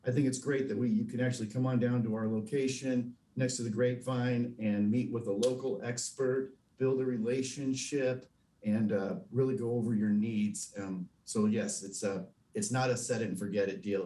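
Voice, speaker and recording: A man's voice: fairly low pitch, steady tone, brisk, dark tone, roomy sound, far from the mic. A man being interviewed as an expert guest on a morning TV show, speaking in a friendly, earnest way with fillers.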